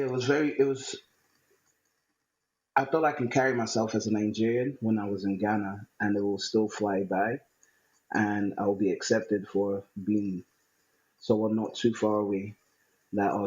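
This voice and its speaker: A man, a writer-musician talking reflectively in a conversation and pausing often with fillers. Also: lowish voice, darkish tone, slightly rough, muffled recording. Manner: hesitant, many fillers and restarts.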